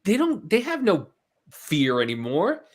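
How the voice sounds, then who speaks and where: A man's voice: high-pitched, measured pace. A man co-hosting a casual podcast, telling stories and acting out quotes in other people's voices. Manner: animated storyteller, puts on voices when quoting others. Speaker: podcast co-host. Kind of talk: casual chat.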